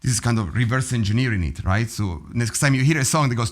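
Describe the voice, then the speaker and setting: A man teaching drum rudiments in a relaxed, animated way, often vocalizing rhythms and laughing. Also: medium pitch, fast talker, hardly any pauses. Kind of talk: practice session teaching. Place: drum studio.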